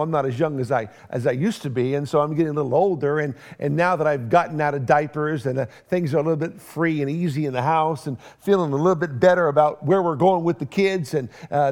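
A middle-aged man preaching a sermon as pastor, telling a family story with humor and acting out both sides of the conversations. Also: fairly high pitch. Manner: animated storytelling, acts out both sides of dialogue, self-deprecating humor.

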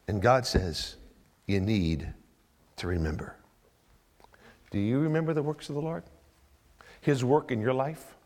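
A man preaching a sermon to his congregation. He repeats key phrases, asks the listeners questions, and swings between low, quiet stretches and loud, emphatic ones. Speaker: pastor.

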